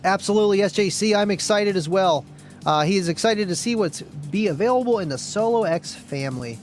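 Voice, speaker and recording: A man hosting a casual live stream, chatting in a rambling, friendly way, reading viewer comments aloud and often clearing his throat. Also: sits high, lively intonation, brisk, faint music behind, low-quality recording.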